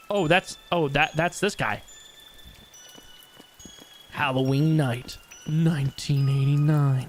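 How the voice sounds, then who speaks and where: Excitable, swearing game streamer man. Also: on the high side. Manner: excitable, loud outbursts, swears a lot. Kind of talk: live gameplay commentary.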